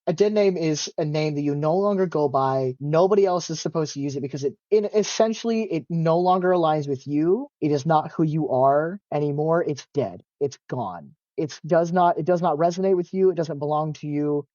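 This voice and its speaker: A man's voice: on the high side, warm tone, dry recording. A young man talking casually as an interview guest, rambling with lots of fillers and restarts, open and emotional and laughing often. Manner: rambling, many fillers and self-corrections. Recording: dull, muffled lo-fi recording.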